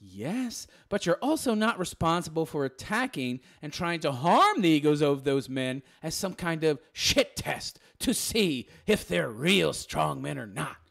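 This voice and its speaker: Snarky guy ripping into a text, high voice that jumps all over, crude and mocking. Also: very animated, unhurried, gravelly, hardly any pauses, fairly bright tone. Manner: sarcastic, crude, derisive. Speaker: commentary channel host. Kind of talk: mocking reaction commentary.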